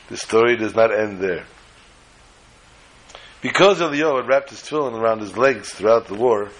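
A man's voice: mid-range voice, rough recording. A man telling a story in a sermon, acting out the dialogue with animation.

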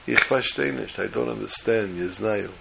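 A man's voice: lowish voice, moderate pace, gravelly, sharp tone, a little hiss or hum, exaggerated voice. A man voicing a confused, anxious young boy who pleads with his teacher. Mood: distressed. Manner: pleading, repeating one word.

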